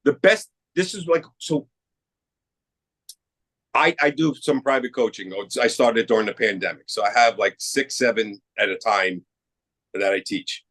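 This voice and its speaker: A man's voice: medium pitch, unhurried, low-quality recording. A middle-aged man from Queens, New York, an actor being interviewed on a podcast, talking casually and acting out the dialogue in his stories. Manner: animated storyteller who acts out quoted dialogue. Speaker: actor guest.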